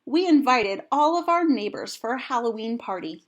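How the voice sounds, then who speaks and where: A woman voicing a kind, welcoming lady of the house in a storybook read-aloud, friendly and bright. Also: a little high, animated, normal speed, highs cut off, pitched above the performer's own voice, lightly acted.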